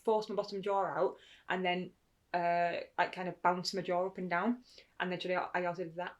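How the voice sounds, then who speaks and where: A woman's voice: fairly low pitch, moderate pace. A young woman co-hosting a podcast, telling stories in casual chat and acting out the people she quotes. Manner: animated storytelling, acts out quotes. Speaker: podcast co-host.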